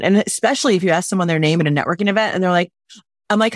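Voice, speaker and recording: A woman wedding planner speaks with emphatic, animated conviction, slipping into little acted-out quotes. Her voice sits at a middle pitch. The recording is dry and close, with no room around it. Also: racing, no echo. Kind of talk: casual podcast chat. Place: lives in Los Angeles.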